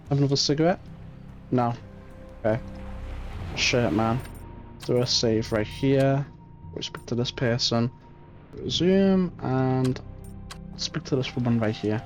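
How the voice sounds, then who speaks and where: A man's voice: medium pitch, measured pace, long pauses. A man streaming a story game, giving offhand joking asides. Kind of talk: casual game commentary. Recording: muffled stream audio, faint music.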